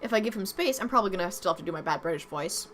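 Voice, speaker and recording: A woman co-playing a game in casual, giggly, excitable chat. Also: medium pitch, very fast, a little hiss or hum. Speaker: co-player.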